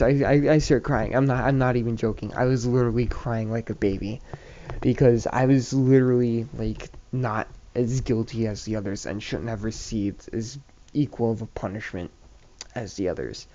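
A man with a mellow, warm voice tells a story to the camera in a loose, rambling way. He swears freely and restarts his sentences often. The recording is a bit dull and lo-fi, like a home setup. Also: mid-range voice. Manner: rambling, profane, many restarts and fillers. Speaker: YouTube storyteller. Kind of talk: casual storytime vlog.

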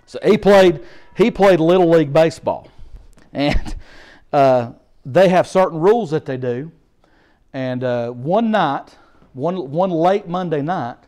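Animated preacher, high-pitched man. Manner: animated, emphatic storytelling with repetition. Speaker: guest preacher. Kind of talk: storytelling sermon.

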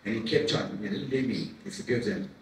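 A middle-aged man giving a heartfelt personal testimony to a men's breakfast, earnest and emotional, halting with repeats and fillers. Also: mid-range voice. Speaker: guest speaker at a men's breakfast. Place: large room at a church men's event. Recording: echoey hall from far off with faint noise.

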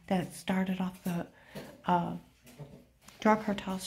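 Woman, middle pitch, warm and mellow tone, urgent rambling talk that drifts in and out of whispers. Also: fairly even intonation, normal speed, creaky. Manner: drops often into an unvoiced whisper. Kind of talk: rambling spoken monologue.

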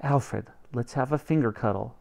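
A man reading a storybook aloud, voicing a gentle, worried queen mother who speaks softly and tenderly. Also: medium pitch, moderate pace, vocal fry, natural voice.

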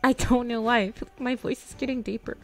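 A woman in her twenties giving casual, slangy commentary while streaming a game, chatty and quick to laugh. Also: fairly high pitch, steady tone, faint music behind. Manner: laid-back, chatty, slangy, laughs often.

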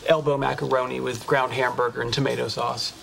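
An actor playing a pedantic young physicist in a sitcom, speaking in a precise, lecturing, deadpan way. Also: male voice, mid-range voice, fairly quick, gravelly, a little hiss or hum. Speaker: sitcom character. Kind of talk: sitcom acting.

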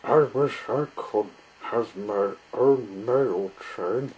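A man's voice: on the low side, drawn-out words, darkish tone, a little hiss or hum, poor audio. A man voicing a cheerful, helpful little female engine in a storybook reading, eager and friendly.

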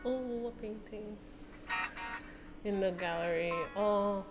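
Excitable woman reacting over music. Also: on the low side, measured pace. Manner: excitable, laughing, exclaiming, mutters to herself. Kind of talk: casual reaction commentary. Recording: clear music underneath. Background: music playing.

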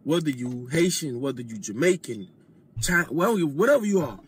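A man speaking as a guest on a casual podcast, lecturing in a deliberate way and often dropping his voice low. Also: animated, slightly rough.

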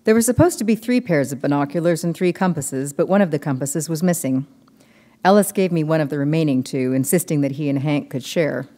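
A woman novelist reading her book aloud in measured, steady narration. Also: low voice, big-room sound.

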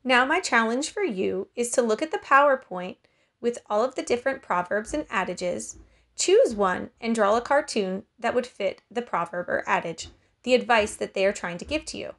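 A woman teacher giving a recorded lesson to schoolchildren and reading a story aloud in a clear, patient way. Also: a little high, expressive, normal speed, a bit bright.

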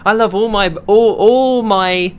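A young man narrating his own football video game as a gaming creator, talking to himself and bursting into high shouts when chances come. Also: slow pace, a little hiss or hum. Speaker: gaming YouTuber. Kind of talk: live gameplay commentary.

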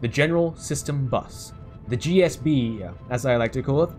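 A young English man giving excitable let's-play commentary, laughing and yelling at the game. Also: mid-range voice, moderate pace, faint music behind. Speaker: gamer.

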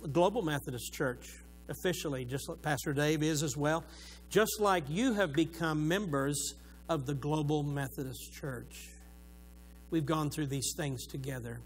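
Oklahoma pastor with a higher voice. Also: male voice, a little hiss or hum, rough recording. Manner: warm joking asides, earnest about faith. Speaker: retired pastor, guest preacher. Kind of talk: church greeting and sermon introduction. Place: church sanctuary.

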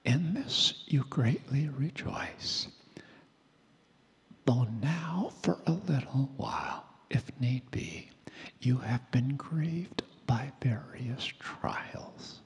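A man preaching a sermon in a hoarse, breathy near-whisper, slow and emphatic, stretching out key words. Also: mid-range voice, expressive. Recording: long hall reverb.

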